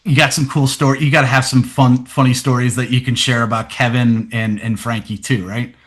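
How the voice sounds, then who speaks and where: A man's voice: medium pitch, little pitch movement, a little fast, a bit bright. A man hosting a casual interview, laid back, laughing along and using lots of fillers. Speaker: interview host.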